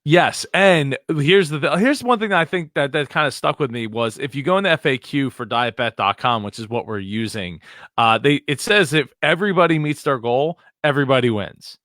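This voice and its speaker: A man's voice: mid-range voice, expressive, fairly quick, a bit bright, no room sound, studio quality. A man hosting a podcast in casual chat, talking with enthusiasm and many restarts. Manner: chatty, lots of restarts, enthusiastic. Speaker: podcast host.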